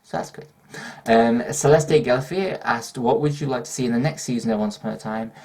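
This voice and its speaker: A young YouTuber from northern England chats hyperactively in a casual Q&A vlog, swearing and laughing a lot. His mid-range voice is fairly quick with a darkish tone, and there's slight background noise.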